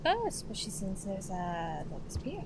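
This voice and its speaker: A young woman commenting on a video game as she plays, excitable, chanting and shrieking at the screen. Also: mid-range voice, moderate pace, noisy background. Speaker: gamer. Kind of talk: let's-play commentary.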